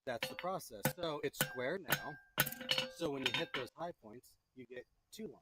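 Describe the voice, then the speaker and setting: A man's voice: on the high side, big pitch swings, normal speed, very noisy. A man teaching a beginner to forge in a blacksmith shop, chatty, joking and encouraging as he works. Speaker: blacksmithing instructor. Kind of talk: hands-on teaching while forging.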